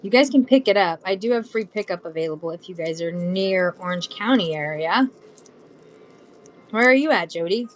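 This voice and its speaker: A woman's voice: mid-range voice, expressive, normal speed. Chatty bubbly Southern California woman. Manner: chatty, bubbly, talks to viewers. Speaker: live shopping seller. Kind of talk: casual live-stream selling chat.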